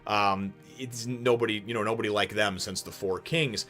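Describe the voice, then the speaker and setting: A man hosting a casual manga chapter review, rambling with many fillers and restarts and sudden animated bursts. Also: on the low side, normal speed, soft background music.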